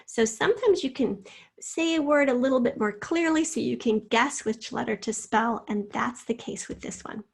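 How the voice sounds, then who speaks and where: A middle-aged woman teaches a spelling lesson in a somewhat high, husky voice. She says each word slowly and carefully, then puts it in an example sentence. Her delivery is patient and methodical.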